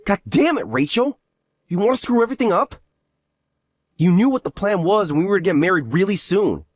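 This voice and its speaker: A man's voice: sits high, sing-song, fairly quick, no echo, studio quality. A man playing an exasperated, scheming brother. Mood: angry. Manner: exasperated, scolding. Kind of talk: voiced story drama.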